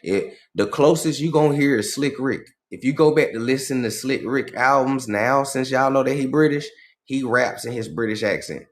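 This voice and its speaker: A man hosting a livestream in casual commentary, talking in an animated, profane way and asking "right?" again and again. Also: mid-range voice, moderate pace, a little hiss or hum. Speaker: livestream host.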